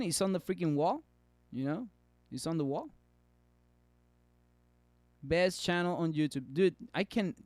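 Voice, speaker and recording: A man hosting a casual stock market livestream, reading chat comments in an excitable, joking way and dropping Spanish words into his English. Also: high voice, clean tone, no echo, clean studio sound. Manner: excitable, joking, swings between loud and muttered.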